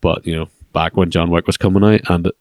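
Co-hosting a podcast, a man chats casually and rambles, full of fillers and restarts. His low voice holds a steady tone, runs fairly quick and a little mellow, in a dry, clean studio recording.

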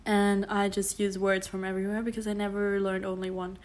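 Young German woman, flat rambling talk. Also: medium pitch, fairly quick. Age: around 20. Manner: rambling, self-correcting, many fillers. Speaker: podcast host. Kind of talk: casual solo podcast monologue.

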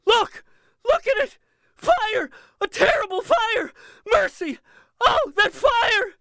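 A man's voice: lively intonation, slow, pushed and bright, dry recording, clean studio sound, exaggerated voice. A man voicing a frantic woman who screams, half mad, about a fire she sees. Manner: shrill, frantic shrieking.

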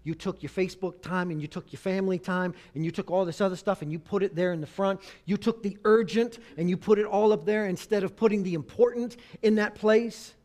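A man preaching a sermon on marriage, swinging from loud emphasis to hushed, intimate tones. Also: high voice, fairly even intonation, fairly quick, few pauses.

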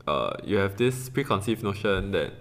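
A young Singaporean man with a fairly low voice talks loosely in a podcast chat. He piles on fillers and restarts, and now and then breaks into high laughs. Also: expressive, normal speed, a little hiss or hum. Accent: Singaporean English. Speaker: podcast co-host. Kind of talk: casual chat.

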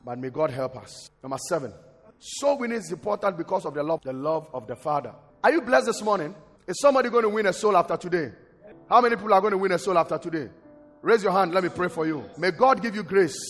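A man's voice: high-pitched, lively intonation, fast talker, fairly bright tone. A man preaching a sermon in church. He quotes scripture and calls on the congregation to respond. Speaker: pastor. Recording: long hall reverb, faint music.

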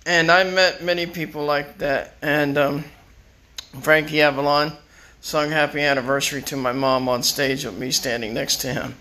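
A man's voice: on the high side, level tone, moderate pace, sharp tone. A man rambling through personal stories in a casual way, repeating words and chuckling as he goes. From Florida. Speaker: storyteller.

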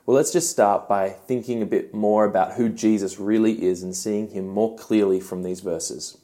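Warm-voiced young youth pastor. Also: male voice, fairly low pitch, fairly even intonation. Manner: earnest, with gentle emphatic pauses. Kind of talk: devotional teaching talk.

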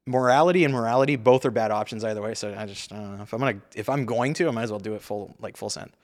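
A young man with a fairly low voice, talking fast in a loose, self-mocking way as a podcast guest. He jokes his way through the questions. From United States. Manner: joking, self-deprecating. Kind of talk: casual interview chat.

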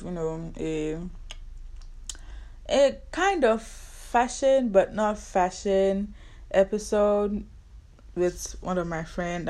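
A young woman in her twenties with a Nigerian accent hosts her own podcast. She talks casually in a slightly low voice, full of sarcasm and banter. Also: darkish tone. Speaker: podcast host. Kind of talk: casual solo podcast chat.

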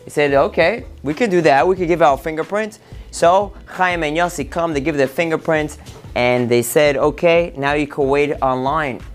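A man's voice: fairly high pitch, normal speed, faint music behind. A man, a rabbi hosting a podcast, tells a parable, jumping into his characters' lines as he narrates. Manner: animated storyteller, acting out characters' lines. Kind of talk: storytelling a parable.

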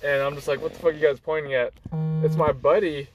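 In a low-quality recording, a young male guest storyteller speaks at a quick pace in a slightly high voice with little pitch movement. His casual personal anecdote rambles, packed with fillers and restarts, and he acts out what people said.

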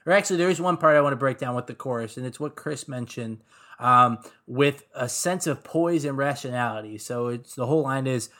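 A man in a medium-pitched voice talks about music as a podcast co-host. He rambles, leaning on fillers like "like" and "um". His delivery is relaxed and keen. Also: brisk.

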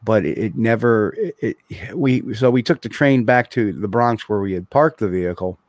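A man's voice: on the low side, normal speed, a little mellow, dry recording. A man hosting a podcast, chatting casually with many restarts and fillers before reading out notes. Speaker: podcast host. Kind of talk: casual chat.

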